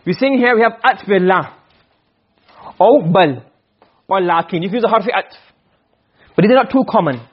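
A man teaching a lecture on Arabic rhetoric, often checking that students follow and reciting Arabic quotations quickly. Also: high-pitched, slightly rough. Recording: dull lo-fi recording.

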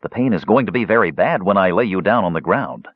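Male narrator voicing a gentle, firm half-elf man, dull close audiobook recording. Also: low voice, animated, quick pace, no room sound. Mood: calm. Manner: soft-spoken, firm.

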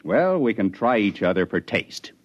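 A cocky, plainspoken Venusian frontiersman, drawling with a lively, swinging pitch. It sounds like a dull, muffled 1950s radio broadcast. He is blunt and sure of himself throughout. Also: normal speed, breathy edge. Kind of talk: 1950s radio drama acting.

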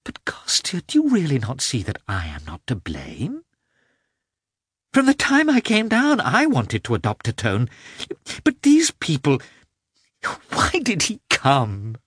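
Man reading tearful young wife, trembling and pleading, pitch rising sharply, storybook reading. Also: wildly swooping pitch, a little slow, breathy edge, no echo, clean studio sound, heavily acted. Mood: sobbing.

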